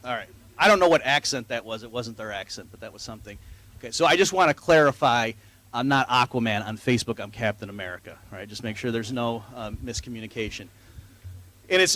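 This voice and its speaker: A man's voice: medium pitch, fairly bright tone, dry recording. A man giving a keynote lecture at a conference, chatty and self-deprecating, with frequent fillers. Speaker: keynote speaker at an economics conference. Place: conference venue before an audience.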